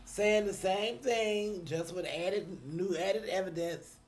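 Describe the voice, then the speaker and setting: A man's voice: high voice, takes it slowly. A man co-hosting a podcast, crudely agreeing and egging on a political rant. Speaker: podcast co-host.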